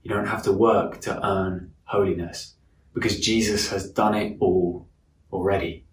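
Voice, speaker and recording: A man preaching a sermon in an earnest way, slowing down and softening his voice for emphasis. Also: lowish voice, fairly even intonation, a little hiss or hum. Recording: echoey room from a distance.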